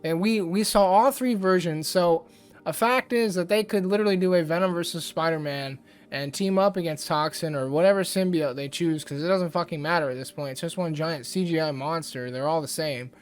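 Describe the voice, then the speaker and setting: A man's voice: on the high side, brisk, clear, resonant tone. A man hosting a casual ranting commentary vlog, rambling and exasperated, with lots of fillers. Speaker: YouTube host.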